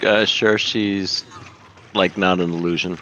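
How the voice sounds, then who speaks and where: A man's voice: low voice, steady tone, slow, bright, forceful tone. A man playing in a tabletop game, who speaks hesitantly and often trails off. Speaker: player. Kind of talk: casual chat. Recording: muffled, noisy home recording.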